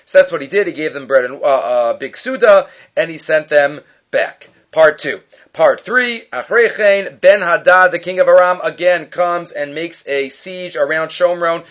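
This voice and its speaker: A man teaching a Bible chapter as a lively story, acting out the characters' lines and mixing Hebrew terms into his English. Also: fairly high pitch, moderate pace, muffled recording.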